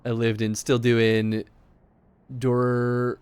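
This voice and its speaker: A man's voice: mid-range voice, monotone, slow pace, a little mellow, clean tone. A man with a light Chicago accent streaming a game, rambling and chatting casually with lots of laughter. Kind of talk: casual live-stream chat.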